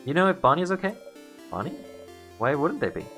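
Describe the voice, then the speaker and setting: A man's voice: fairly high pitch, sing-song, a little fast, fairly bright tone, faint music behind, voice pushed up. A man voicing a cheerful young housemaiden in a game, chatty and concerned.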